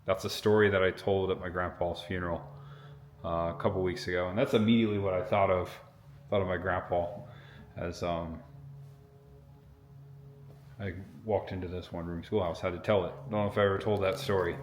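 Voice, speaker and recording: A man's voice: low-pitched, steady tone, a little fast, long pauses, slight background noise. A man giving a casual, chatty walkthrough of a pioneer museum, pointing things out as he walks from an old schoolhouse out into a village. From Indiana family roots. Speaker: vlogger touring a museum.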